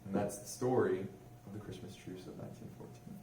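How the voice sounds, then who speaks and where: A chatty airman tells a history story to a room full of listeners, asking them questions as he goes. His voice sits at an ordinary pitch. He sounds a little distant in a roomy hall, with faint noise underneath. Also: steady tone, brisk, warm tone. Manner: chatty, asks the audience questions. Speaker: religious affairs airman giving a talk. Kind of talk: informal history talk to a museum audience. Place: museum room.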